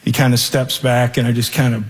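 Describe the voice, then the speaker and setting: A man in his forties telling a personal story to an audience in a lively, animated way, acting out the people in it. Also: mid-range voice, fairly quick. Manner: lively, animated, acts out every voice. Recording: long hall reverb.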